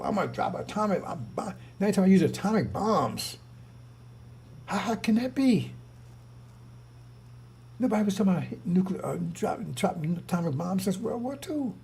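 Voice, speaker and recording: A man's voice: high-pitched, animated, moderate pace, vocal fry, long pauses, warm tone, slightly rough. A man giving an informal religious talk, rambling and repetitive, full of rhetorical questions. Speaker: preacher.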